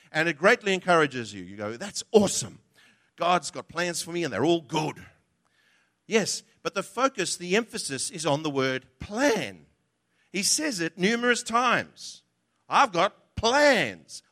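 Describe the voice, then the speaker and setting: A man's voice: high voice, bright, forceful tone. A man preaching a sermon emphatically, acting out the voices he quotes.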